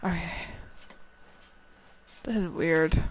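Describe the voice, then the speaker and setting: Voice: mid-range voice, extremely slow, lo-fi sound. A gamer giving let's play commentary, swearing and crying out in dismay at what happens on screen. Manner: excitable, swears, cries out in dismay.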